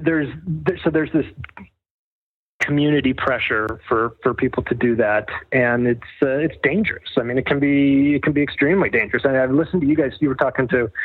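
Male guest author, wry and sardonic, middle pitch, heard over a dry, tinny phone line. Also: breathy edge, no room sound. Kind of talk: casual interview storytelling.

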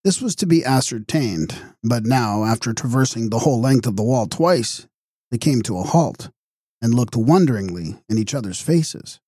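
Husky-voiced man narrating gothic fiction. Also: mid-range voice, no room sound, studio quality. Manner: steady, measured storytelling. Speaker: audiobook narrator.

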